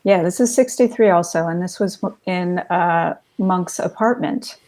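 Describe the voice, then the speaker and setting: Woman, mellow warm voice, storytelling guest, laughs a lot, video call. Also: on the low side, unhurried. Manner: animated anecdotes, laughs often. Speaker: guest, photographer's estate heir. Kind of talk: casual storytelling interview.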